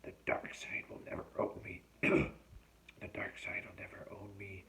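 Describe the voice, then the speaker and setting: A man voicing a feverish, pampered male TV survivalist, in whispered role-play: a breathy, hushed whisper that chants slowly like a vow. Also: sits low, a little hiss or hum, full character voice. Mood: delirious vow.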